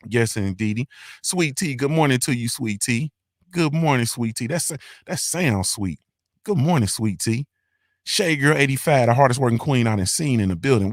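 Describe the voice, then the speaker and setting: A male host doing casual livestream shout-outs in a loud, hyped, sing-song roll call full of slang. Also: mid-range voice, dry recording, studio quality.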